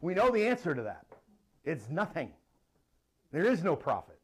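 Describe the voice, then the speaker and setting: A middle-aged male pastor preaching a sermon, animated and laughing now and then as he reads and explains scripture. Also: fairly high pitch, normal speed, husky.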